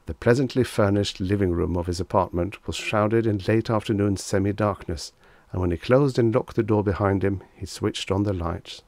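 Man, audiobook narrator, deep voice, steady storytelling, dry close recording. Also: normal speed, hardly any pauses, no echo. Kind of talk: vintage short story reading.

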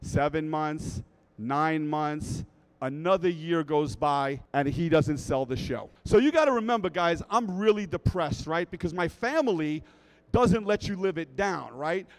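A middle-aged man tells a comic story on a convention stage, keeping his voice high for a man. He is animated and keeps checking in with his audience. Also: unhurried, poor audio. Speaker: speaker at a fan convention.

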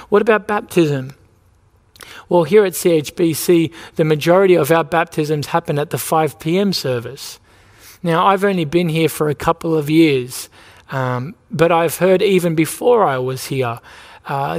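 High-voiced male pastor in a reverberant church. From Australia. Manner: earnest preaching, repeated rhetorical questions. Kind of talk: sermon. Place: church sanctuary. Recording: long reverb of a church hall.

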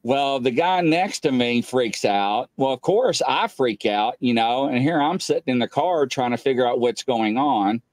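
A middle-aged man, a police captain as the show's guest, telling a casual rambling story full of filler "uh"s and quoted dialogue he acts out with sudden jumps up in pitch. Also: normal speed, hardly any pauses, dry recording. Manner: animated, jumps up in pitch when acting out quoted speech; loose and rambling with many filler "uh"s.

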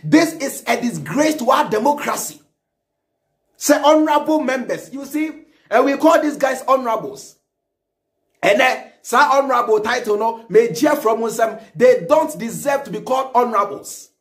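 A Ghanaian man hosting a reaction show, giving satirical, ranting commentary in a theatrical, animated way and repeating phrases in a sing-song manner. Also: very high-pitched, normal speed. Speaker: reaction channel host.

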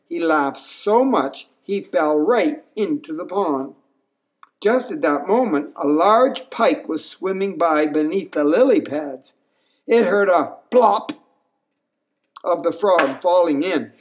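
A man reading a children's storybook aloud, slow and unhurried. His voice moves through a wide, lively pitch range as he tells the tale.

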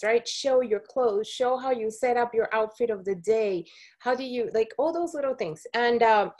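A woman hosting a team video call in a bubbly, chatty way, laughing often and going off on asides. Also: a little high. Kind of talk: casual video call chat.

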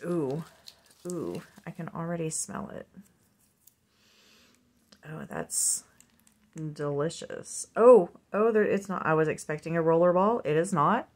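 A woman chatting softly as she unboxes a purchase, cooing and slipping into gentle whispers. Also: low voice. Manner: slow, soft-spoken, drifting into gentle whispers and coos. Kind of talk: casual unboxing chat.

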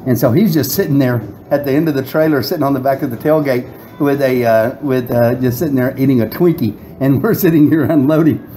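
Middle-aged guest, rambling and laughing, mellow tone. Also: male voice, medium pitch, brisk, soft background music, low-quality recording. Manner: rambling, laughing storyteller with restarts. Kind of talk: casual storytelling.

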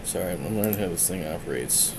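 Low-voiced man rambling on a stream. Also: a little fast, noisy background. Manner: rambling, self-deprecating, muttering to himself. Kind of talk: casual live-stream chat.

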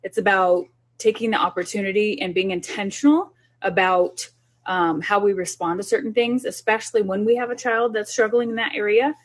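A middle-aged child development specialist gives down-to-earth parenting advice in an informal talk, earnest and often repeating herself. She speaks a little fast in a mid-range voice with a steady tone.

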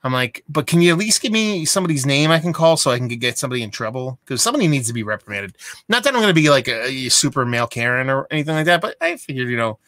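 A man's voice: mid-range voice, lively intonation, very fast, fairly bright tone, dry recording. A young adult man telling a rambling, exasperated story in a casual vlog. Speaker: beer vlogger.

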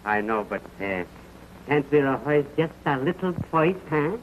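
An actor playing a fawning, nervous middle-aged film producer who wheedles and flatters. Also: male voice, fairly high pitch, a little slow. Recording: dull 1929 film soundtrack, faint hiss.

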